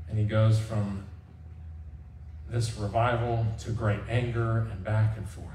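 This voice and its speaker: A man preaching a conversational sermon as pastor, animated and acting out the people he quotes. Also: fairly low pitch, measured pace, slight background noise. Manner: animated, acts out quoted voices. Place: church sanctuary. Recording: echoey church hall from far off.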